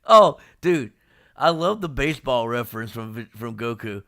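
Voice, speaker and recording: Gravelly man animatedly retelling a manga chapter. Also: medium pitch, unhurried. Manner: animated retelling, acting out characters' lines with laughs. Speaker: podcast host. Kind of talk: casual manga discussion. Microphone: live stream microphone.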